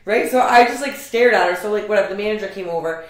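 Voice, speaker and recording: A woman's voice: mid-range voice, fast. Laughing, swearing woman in echoey room. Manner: lively, swears, laughs through stories. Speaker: podcast co-host. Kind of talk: casual storytelling chat.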